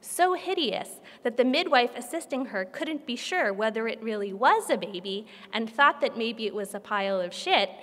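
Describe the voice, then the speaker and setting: A woman translator reads a novel aloud to an audience. Her reading is measured and expressive. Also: fairly high pitch. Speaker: literary translator. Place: conference room. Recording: long hall reverb.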